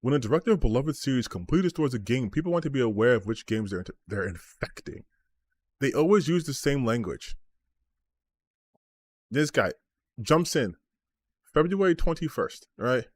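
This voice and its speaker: A man's voice: medium pitch, sing-song, moderate pace, pauses often, no echo. Exasperated, sarcastic male streamer ranting. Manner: sarcastic, exasperated, swears freely. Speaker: gaming streamer. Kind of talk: ranting commentary on comments.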